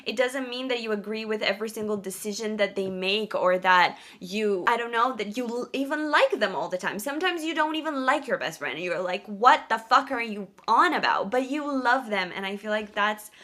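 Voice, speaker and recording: Young woman book vlogger, casual and gushing, expressive with quick asides. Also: mid-range voice. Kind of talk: casual reading vlog chat. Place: sitting in one spot, filming herself.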